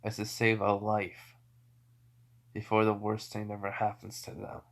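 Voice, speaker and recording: A fearless, calm teenage demon slayer who speaks in a flat, offhand way, read by a man in his ordinary speaking voice. He sounds matter-of-fact even when he threatens. This is a casual homemade fan story. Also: on the low side, a little slow. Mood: determined.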